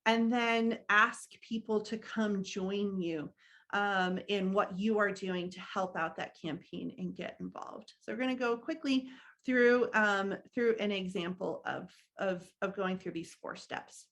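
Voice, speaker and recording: A middle-aged woman leading an online training session, earnest and halting, with many restarts and a frequent "right?". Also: medium pitch, a bit bright. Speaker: workshop trainer.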